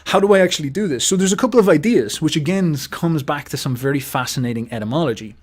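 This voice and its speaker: A man's voice: fairly high pitch, quick pace. Emphatic man riffing on philosophy. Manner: emphatic, animated, swears casually, mimics other voices. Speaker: host. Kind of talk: casual philosophical monologue.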